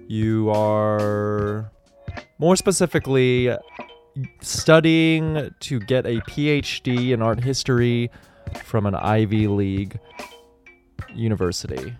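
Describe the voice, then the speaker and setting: A man co-hosting a podcast in casual chat, laid-back and joking, swearing now and then. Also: medium pitch. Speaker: podcast co-host.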